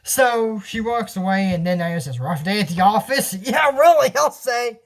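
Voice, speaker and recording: A man's voice: high-pitched, normal speed. Rambling young man recapping a cartoon. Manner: rambling, restarts, laughs at own jokes, lively reactions. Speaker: channel host recapping a cartoon episode. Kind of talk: casual episode recap with commentary.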